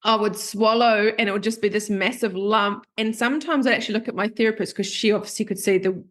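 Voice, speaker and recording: A woman with a medium-pitched, steady, slightly bright voice talks fast. She's a podcast host and therapist speaking candidly in a confessional, storytelling style, acting out quotes she remembers.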